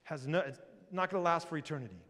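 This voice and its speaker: A male pastor preaches in a church with a voice pitched a touch higher than most men. His delivery climbs to loud, animated peaks and sinks to near-whispers. The sound carries a long reverb from the sanctuary. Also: quick pace. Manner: lively preaching, swings between loud and hushed. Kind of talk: sermon.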